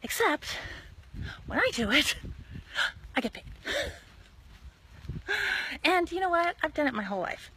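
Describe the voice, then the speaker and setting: A woman chatting casually on a live stream while walking outdoors in her neighborhood, telling animated stories and acting out conversations into a phone held at arm's length. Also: sits high, measured pace, long pauses, slight background noise. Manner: animated chatty storyteller, acts out quotes. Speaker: network marketer.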